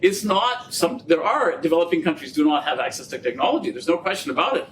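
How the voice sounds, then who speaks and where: A middle-aged man giving a public lecture as a guest speaker, an animated storyteller who jokes with the audience. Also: fast. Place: lecture room. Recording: distant mic with faint rumble.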